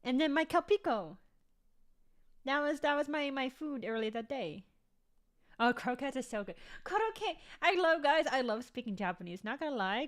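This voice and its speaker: A young woman vlogging in casual chat to her viewers, rambling and swearing freely. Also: mid-range voice.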